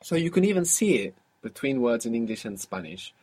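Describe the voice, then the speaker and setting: A husky-voiced man leads a guided language lesson. He explains things patiently and step by step, and keeps quizzing his student as he goes. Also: medium pitch, big pitch swings, a little fast, darkish tone. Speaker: language teacher.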